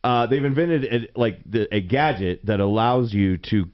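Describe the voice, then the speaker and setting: A man's voice: fairly low pitch, moderate pace, dull audio. A man hosting a radio talk show in a studio, loose and laughing as he tells stories in casual banter. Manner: loose, laughing, animated storytelling.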